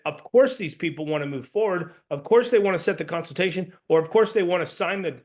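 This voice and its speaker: A young man coaching solar salespeople, assertive and talking through sample pitches to customers. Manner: assertive, role-plays customer dialogue.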